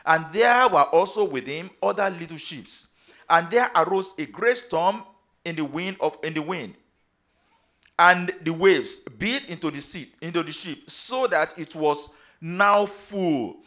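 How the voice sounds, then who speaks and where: A man's voice: fairly high pitch, expressive, unhurried, bright, forceful tone. Preaching man with emphatic declarations. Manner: preaching with emphatic rising declarations and repeated phrases. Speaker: pastor. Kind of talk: sermon.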